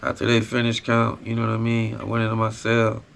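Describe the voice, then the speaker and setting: Bright-voiced man telling a prison story. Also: fairly low pitch, completely flat delivery, fairly quick, gravelly, slight background noise. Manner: raw, profane street storytelling with repeated tag phrases. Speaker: podcast host. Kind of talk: casual storytelling.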